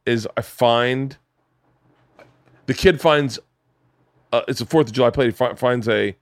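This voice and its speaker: A man's voice: medium pitch, measured pace, no room sound, clean studio sound. A man hosting a podcast, telling a rambling story with lots of swearing and acted-out voices. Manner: animated, profane, acts out voices and yells in stories. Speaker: podcast host. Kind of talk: casual chat, storytelling. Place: home studio man cave.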